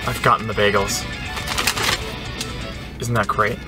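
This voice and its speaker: A man vlogging from inside a car, talking casually in a dry, self-mocking, offhand way. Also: on the low side. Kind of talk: casual vlog talk. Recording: music playing behind the voice. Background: music playing in the car.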